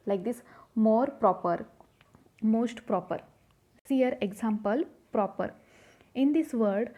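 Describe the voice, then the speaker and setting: An English teacher with a high-ish voice and dark tone gives a grammar lesson explaining rules. She patiently repeats each rule and poses questions to the class.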